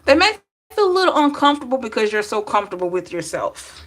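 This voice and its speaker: A chatty Southern woman does a live-stream tarot reading in a fairly bright, high-leaning voice that swings widely in pitch. She talks fast, laughs, and addresses the live chat.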